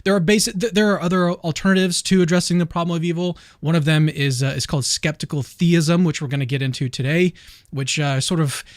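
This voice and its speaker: A talkative male host with a fairly high voice, speaking in a relaxed, upbeat manner and often restarting his sentences. The sound is close and dry, with no room around it. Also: fast talker, no echo. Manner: chatty, upbeat, with many restarts. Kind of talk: casual chat.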